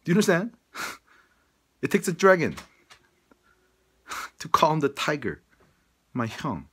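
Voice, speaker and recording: A man's voice: a little high, very animated, unhurried, fairly bright tone, breathy edge. A man talking straight to his audience in a rambling, profane, emphatic monologue. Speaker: vlogger.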